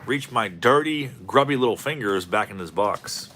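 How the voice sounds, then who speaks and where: Guy ripping card packs and rambling, low voice that bounces all over, jokey commentary. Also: animated, normal speed, pushed and bright, a little hiss or hum. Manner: rambling and jokey, calling out player names. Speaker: host of a card-opening channel. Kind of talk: casual commentary while opening packs.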